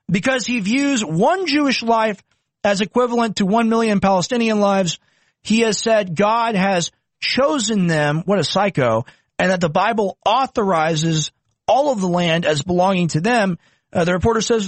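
Heated, high-voiced male commentator. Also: expressive, normal speed, no room sound. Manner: heated and scornful, with sudden pitch jumps. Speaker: political commentator. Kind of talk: reaction commentary on a video clip.

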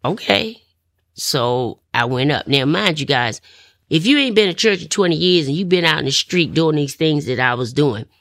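A middle-aged woman telling a personal testimony story, animated and laughing often as she talks. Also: low-pitched, no room sound, clean studio sound. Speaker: testimony speaker.

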